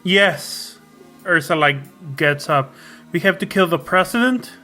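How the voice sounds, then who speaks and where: A player in a tabletop role-play game who speaks haltingly with many pauses and fillers. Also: mid-range voice, expressive, bright, forceful tone, faint music behind.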